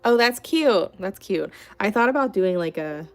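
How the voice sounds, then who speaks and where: A woman's voice: mid-range voice, expressive, normal speed, faint music behind. A young adult woman hosting a casual livestream, telling rambling, chatty stories full of "like" fillers and answering chat. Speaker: craft artist hosting a livestream.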